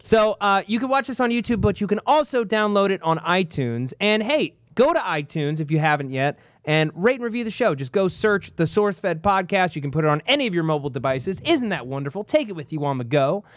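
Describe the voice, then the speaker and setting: Lively high-voiced male podcast host. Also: fairly quick, few pauses, no echo, studio quality. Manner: animated, upbeat, promotional. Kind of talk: casual chat. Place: podcast studio. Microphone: studio microphone.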